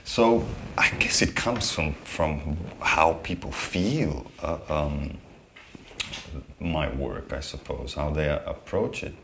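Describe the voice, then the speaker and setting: A man's voice: a bass voice, takes it slowly, fairly bright tone, slight background noise. A man being interviewed as an artist, speaking hesitantly with many repeated words and restarts. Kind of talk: conversational interview.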